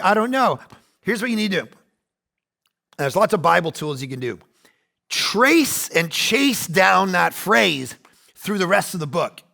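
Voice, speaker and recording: Gravelly, bright-voiced male pastor preaching. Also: a little high. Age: 40s. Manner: animated, acts out quoted voices, swings between loud and hushed. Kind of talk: sermon.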